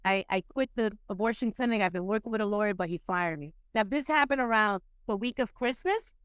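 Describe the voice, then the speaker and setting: A middle-aged woman from Puerto Rico, raised in New York City, telling her life story as a podcast guest in a lively way, acting out the people she quotes. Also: fairly quick, clear, resonant tone, no room sound. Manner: animated, acts out quoted people with rising pitch. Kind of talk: casual storytelling interview.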